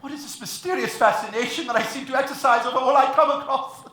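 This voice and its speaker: A woman's voice: sits high, fast, a bit bright, reverberant, slight background noise. A woman playing a vain male poet tired of his own charm, declaiming melodramatically on a theater stage. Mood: self-pitying. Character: vain handsome male poet, weary of conquests. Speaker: stage actor. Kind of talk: amateur stage musical acting.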